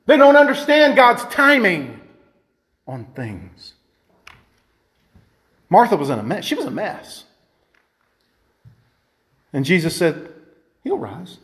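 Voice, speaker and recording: Fervent male preacher with a very high voice. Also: very animated, takes it slowly, long pauses. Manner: fervent, rising to shouts of emphasis. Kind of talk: sermon.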